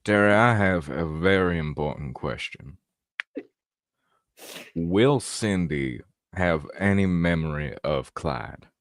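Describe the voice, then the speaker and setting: A man's voice: sits low, takes it slowly, pauses often, no room sound, studio quality. A man chatting casually and joking, swearing freely, as a game master among players. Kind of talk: casual chat.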